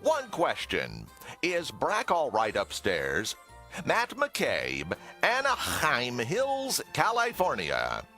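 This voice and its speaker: Pompous superhero host, wildly swooping pitch, bright ringing tone, slow and grand. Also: male voice, wildly swooping pitch, soft background music, heavily acted. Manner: pompous, self-important, theatrical. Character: pompous, vain superhero talk-show host. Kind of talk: TV cartoon voice acting.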